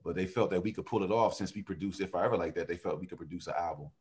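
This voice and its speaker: A man who sings in a vocal group, telling animated stories in a casual interview and often laughing. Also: deep voice, very fast, husky. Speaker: singer in a vocal group, guest.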